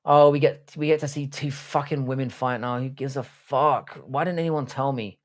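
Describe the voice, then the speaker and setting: A man's voice: medium pitch, fairly even intonation, normal speed. Casual stream host, a South London bloke in his thirties, blunt and sweary, reads chat and bants. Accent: South London English. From England. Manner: profane, blunt, banter reading chat aloud. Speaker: livestream host. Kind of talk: casual live watch-along chat.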